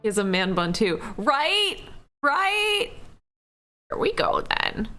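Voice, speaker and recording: A woman streaming a game, reacting with swearing, laughter and loud outbursts. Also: a little high, big pitch swings, slow pace. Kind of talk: let's play commentary. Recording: loud game music behind.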